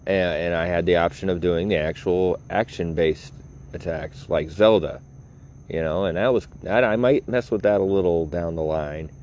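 A man's voice: sits low, normal speed, a little mellow, slight background noise. A man hosting his own podcast, rambling casually, mocking himself and laughing at his own jokes, recorded on a phone. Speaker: podcast host.

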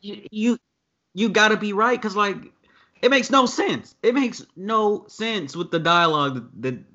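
A man co-hosting a wrestling chat over a video call, talking casually with lots of swearing and getting louder and higher when he is worked up. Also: unhurried. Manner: profane, animated, rises sharply when worked up. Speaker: wrestling podcast co-host. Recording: dull lo-fi video call audio.

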